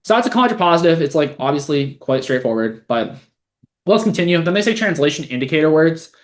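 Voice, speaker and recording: Blunt fast-talking young man. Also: on the high side, expressive. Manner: blunt, sarcastic, swears freely. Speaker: podcast host, LSAT tutor. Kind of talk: casual commentary reading a post aloud.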